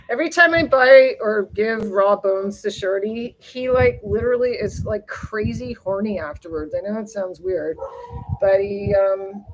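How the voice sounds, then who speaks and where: A woman talks loosely and at length to her live viewers, drifting from topic to topic with frequent laughs. She swears in passing and jumps up in excitement whenever she greets someone by name. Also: medium pitch, unhurried, low-quality recording. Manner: chatty and rambling, laughs often, swears casually. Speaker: livestream host reading viewer chat. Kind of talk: casual rambling live chat.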